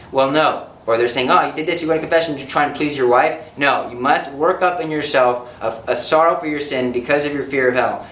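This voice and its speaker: Animated male preacher in an echoey room. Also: medium pitch. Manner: animated, joking, acts out scenes. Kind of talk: sermon.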